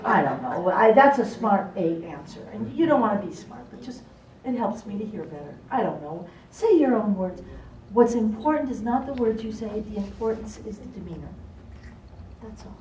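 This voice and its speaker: Lively woman teaching a seminar, echoey room. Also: medium pitch, moderate pace, distant mic, slight background noise. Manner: lively, playful, acts out quoted people. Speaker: seminar presenter for court reporters. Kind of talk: live seminar talk.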